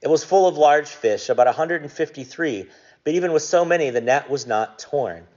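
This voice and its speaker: A man preaching a conversational sermon, relaxed and jokey, with frequent ums. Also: a little high, fairly quick. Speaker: pastor. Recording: dull lo-fi recording.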